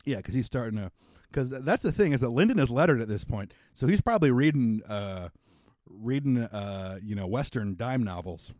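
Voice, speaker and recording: A man's voice: medium pitch, expressive, moderate pace, a little mellow. A young man running a tabletop game as its game master, narrating in a loose, meandering way with lots of filler words. His voice sits in an ordinary middle register. The sound is dry and close, with no room echo.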